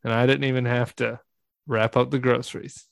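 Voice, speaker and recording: A man guest doing a comedic, deadpan reading of a parody memoir, breaking into laughter now and then. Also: medium pitch, normal speed, creaky, dry recording. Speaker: podcast guest.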